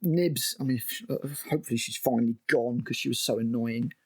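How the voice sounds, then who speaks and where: A man's voice: medium pitch, brisk, a little mellow, slightly rough. A man recapping a TV episode as a review host, exasperated and sarcastic and swearing freely.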